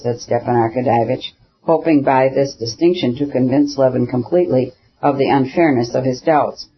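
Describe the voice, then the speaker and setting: A man narrating a classic novel as an audiobook, in a measured, even reading that keeps the characters' lines quiet. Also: mid-range voice, breathy edge, lo-fi sound.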